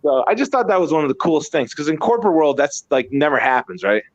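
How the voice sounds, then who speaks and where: A man's voice: on the high side, sing-song, fast, dry recording. A man chatting casually and animatedly, telling stories, swearing freely and repeating words as he goes. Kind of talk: casual chat. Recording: dull dry lo-fi sound.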